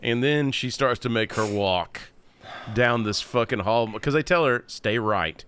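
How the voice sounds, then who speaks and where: A man co-hosting a podcast in a casual, animated way, swearing freely. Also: medium pitch, a little slow, clear, resonant tone. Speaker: podcast co-host. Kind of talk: casual chat.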